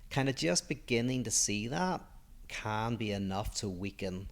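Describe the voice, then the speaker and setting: A man's voice: on the low side, lively intonation, a little slow. A man with a Northern Irish accent, musing reflectively as a podcast co-host in casual chat. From Northern Ireland.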